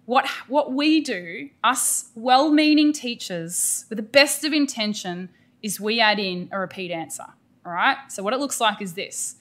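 A middle-aged Australian woman gives an energetic, emphatic professional development lecture to teachers. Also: a little high, a little slow. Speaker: teacher educator presenting a workshop.

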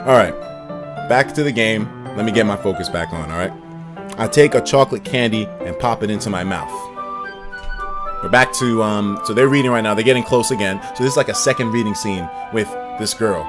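A man streaming a video game, talking excitably and swearing often as he plays. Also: lowish voice, brisk, music in the background. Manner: excitable, profane, laughing. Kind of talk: let's play commentary.

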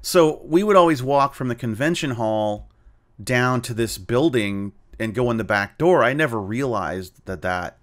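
A man, a cartoonist being interviewed, telling anecdotes in a relaxed, animated way, with frequent fillers and restarts. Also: medium pitch, a little slow. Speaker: guest, cartoonist and tabletop game player. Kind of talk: casual storytelling interview.

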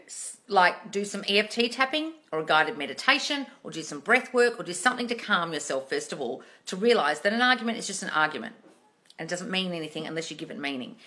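A woman's voice: on the low side, bright, forceful tone. A woman coaching on a live stream, answering viewer questions in a blunt, scolding way with plenty of swearing and sarcastic asides. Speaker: manifesting coach.

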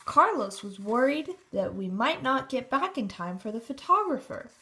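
A woman narrating a children's storybook in a steady, expressive reading. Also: fairly high pitch, normal speed, few pauses.

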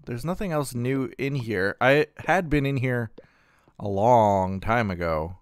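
A man's voice: mid-range voice, animated, measured pace, smooth, no echo, studio quality. A man hosting a gaming channel, thinking aloud in casual gameplay commentary with plenty of fillers and trailing thoughts.

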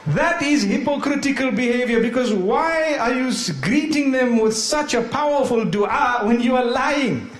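A man's voice: very high-pitched, animated, normal speed, few pauses, reverberant. A man preaching a sermon, telling humorous stories and asking rhetorical questions.

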